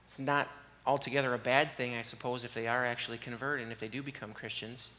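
A man preaching an earnest, conversational sermon in a church and leading a soft, slow prayer. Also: mid-range voice, steady tone, long reverb tail. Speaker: pastor. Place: church sanctuary.

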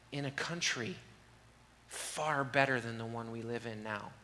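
Male pastor, earnest conversational sermon style, bright edge, long hall reverb with faint room noise. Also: mid-range voice. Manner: earnest, conversational preaching, dropping to soft, slow prayer. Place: church sanctuary.

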